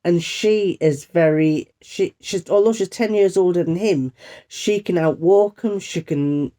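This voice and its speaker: An older woman, chatting to camera in a sewing vlog, telling an exasperated family story with lively quoted voices. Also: on the low side, unhurried. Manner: chatty, exasperated, animated when quoting others. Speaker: sewing vlogger.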